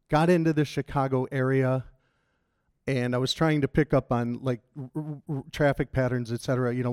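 A man's voice: mid-range voice, a little mellow, no room sound. Conversational male pastor, dry sound. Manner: conversational, halting, with frequent restarts. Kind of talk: sermon.

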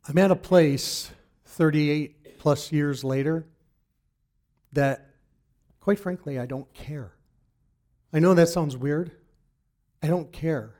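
A middle-aged man giving a personal faith testimony in an earnest, halting way, often restarting his sentences. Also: fairly high pitch, darkish tone. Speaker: church member giving testimony.

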